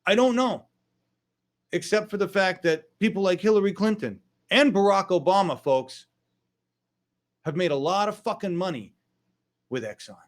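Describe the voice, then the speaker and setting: Angry, high-voiced ranting male host. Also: lively intonation, moderate pace, pauses often. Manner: angry, profane, emphatic outbursts. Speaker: online political show host. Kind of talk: political rant.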